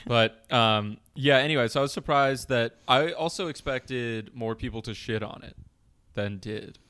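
A man's voice: medium pitch, normal speed, fairly bright tone, clean tone. Guy cohosting a chatty podcast, rambly and self-deprecating, jokes around a lot. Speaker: podcast co-host. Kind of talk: casual chat.

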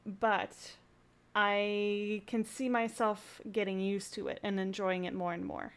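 A woman chatting as a podcast guest, earnest and a little hesitant, pausing often to find her words. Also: medium pitch, level tone, clean tone. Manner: earnest, hesitant, many "um"s and restarts. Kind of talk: casual chat.

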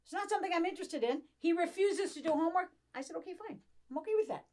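A middle-aged woman chatting casually, telling animated stories and acting out quoted voices. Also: very high voice, very fast. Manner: animated storyteller, acts out quotes. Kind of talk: casual chat.

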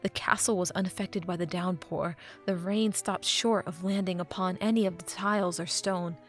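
A woman reading a fan fiction audiobook, with expressive narration that drops to a hush at dramatic moments. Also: fairly low pitch, moderate pace, soft background music.

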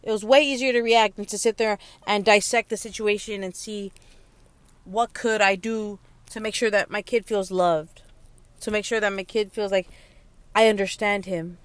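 A young woman and mother speaking in a candid personal monologue, halting and emotional, close to tears. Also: medium pitch, fairly even intonation, smooth, dry recording. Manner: halting, emotional, many restarts and pauses. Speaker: young mother sharing her story.

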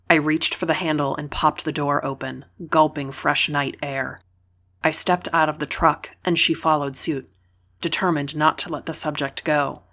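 A woman reading a novel aloud in the first person, calm, measured and reflective. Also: sits low. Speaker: audiobook narrator.

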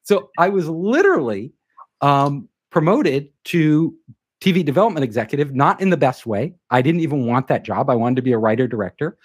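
Husky-voiced man telling a lively story. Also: a little high, brisk. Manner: animated, acts out quoted dialogue. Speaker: guest telling a career story. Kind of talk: casual anecdotal storytelling.

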